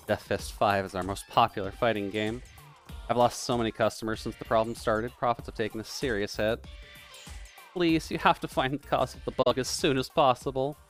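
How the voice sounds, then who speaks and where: Low-voiced, pleading male arcade manager from a video game, read aloud by a male streamer, near his own voice. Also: lightly acted. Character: worried male arcade manager begging for help.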